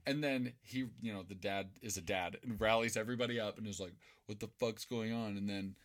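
On the low side and a little fast, a young man from Boise, Idaho, co-hosts a podcast. He tells meandering stories in a relaxed, casual way, swearing a lot and laughing often.

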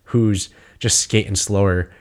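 A young man with a New York accent, telling stories in a casual chat, animated, laughing often and swearing freely. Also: fairly low pitch, measured pace.

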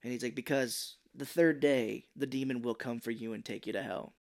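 A man's voice: medium pitch, moderate pace, vocal fry. A man co-hosting a podcast, casually retelling a movie plot, acting out the characters' lines and swearing freely. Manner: animated, acts out quotes, swears freely. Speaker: podcast co-host.

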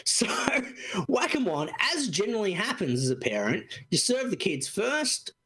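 A man in his thirties, a podcast co-host chatting casually, telling an animated story full of acted-out quotes and swearing. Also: sits high, measured pace. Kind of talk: casual chat.

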